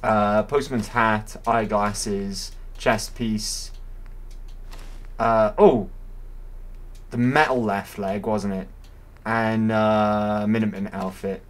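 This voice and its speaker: A man's voice: lowish voice, steady tone, slow pace, pauses often. A man casually commentating his own gameplay, chatty and playful, often correcting himself. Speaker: game streamer. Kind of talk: casual let's-play commentary.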